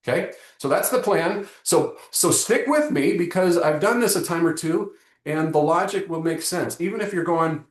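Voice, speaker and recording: A man hosting a live online marketing lesson, joking and talking straight to his audience in an animated way. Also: a little high, moderate pace, reverberant. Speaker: webinar host.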